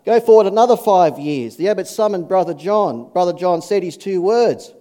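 A man preaching a sermon, telling anecdotes with lively punchlines and dropping low and soft for scripture. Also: fairly quick, few pauses.

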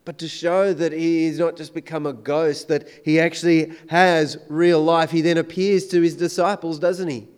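A man preaching a sermon, swinging between loud emphatic declarations and hushed, intense questions. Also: on the high side, little pitch movement, moderate pace, few pauses, smooth.

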